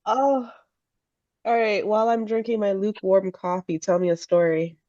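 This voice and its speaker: Mom cohosting a chat podcast, blunt, laughs a lot, kinda dull dry sound. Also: female voice, mid-range voice, normal speed, no room sound. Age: adult parent. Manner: laughs often, blunt and animated. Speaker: podcast co-host. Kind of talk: casual chat.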